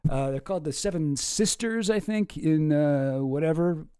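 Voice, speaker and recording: A man's voice: fairly high pitch, normal speed, mellow, clear, resonant tone, no echo, clean studio sound. A man hosting a casual comedic commentary video, talking in a rambling, wry way and often cutting himself off mid-sentence. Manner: rambling, self-interrupting, wry. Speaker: YouTube commentary host.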